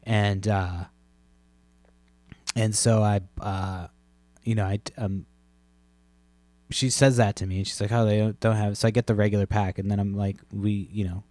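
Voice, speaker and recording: A man's voice: on the low side, flat delivery, moderate pace, pauses often, darkish tone, no echo. A man in his thirties from Massachusetts with a chest cold, hosting a podcast and telling a rambling, profane story in casual chat. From Massachusetts, USA. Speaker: podcast host.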